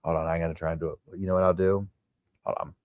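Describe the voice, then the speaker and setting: A man's voice: low-pitched, level tone, fast, no echo, clean studio sound. A man hosting a true crime livestream, chatting casually and rambling in a drowsy way.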